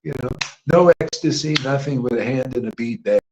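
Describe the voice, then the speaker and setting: A man giving an informal devotional sermon, rambling and emphatic, dropping to hushed asides and rising to loud outbursts, with slangy "man" and "you know" throughout. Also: medium pitch, brisk, noisy background. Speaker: devotional teacher leading a chanting gathering.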